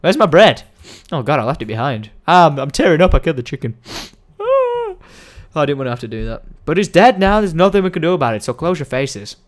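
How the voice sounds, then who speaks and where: A young man giving excitable, rambling let's-play commentary, coaxing and shouting at the game. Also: on the high side, a little fast. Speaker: gaming video host.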